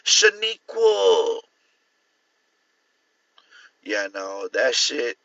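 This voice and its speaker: Man host reacting on a live stream, laughing and cursing, bright voice, muffled lo-fi sound. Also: medium pitch, measured pace, no room sound. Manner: laughing often, incredulous, profane. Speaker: livestream host. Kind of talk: casual livestream chat reacting to posts.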